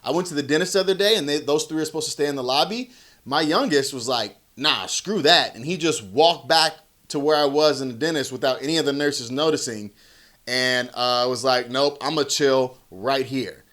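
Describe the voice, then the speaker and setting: A man in his thirties talking casually about parenting, relaxed and conversational, acting out quoted lines. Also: a little high, brisk. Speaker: parenting vlogger. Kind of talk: casual talk to camera.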